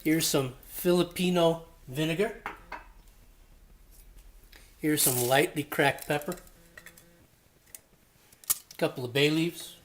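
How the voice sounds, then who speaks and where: A man's voice: on the high side, takes it slowly, long pauses, a little hiss or hum. A man hosting his own cooking channel, chatty and friendly, talking while he cooks in a home kitchen. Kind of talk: casual cooking vlog. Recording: echoey room.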